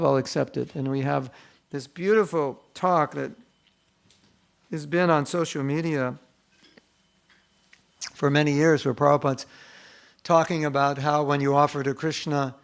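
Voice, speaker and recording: An older man giving a devotional class, earnest and conversational, softly acting out quoted prayers. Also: a little high, fairly even intonation, normal speed, gravelly, clear, resonant tone. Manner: earnest and conversational, acts out quotes in soft hushed tones. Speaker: spiritual teacher giving a class.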